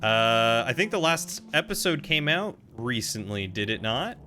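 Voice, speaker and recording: A man's voice: mid-range voice, very animated, unhurried, sharp tone, faint music behind. A young man streaming a game live, joking casually with his chat.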